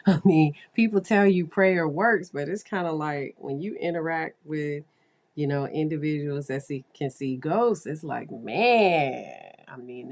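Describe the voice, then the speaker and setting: A woman therapist telling a story to her listeners in a casual monologue, animated and confiding, with asides to them. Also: low-pitched.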